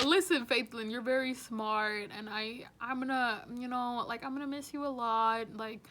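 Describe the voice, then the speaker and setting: A woman's voice: on the high side, measured pace. A woman in her twenties, a teaching assistant, speaking a casual, chatty farewell message full of "you know" and "like". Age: 20s. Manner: warm, chatty, many fillers like "you know".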